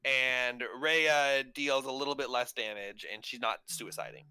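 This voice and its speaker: A man with a smooth, clear voice plays a tabletop game, laying out tactics and pointing out rules. His voice is bright, and the recording is dry and close, with no room sound. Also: medium pitch, lively intonation, a little slow, dry recording. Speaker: player. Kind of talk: casual chat during a tabletop game.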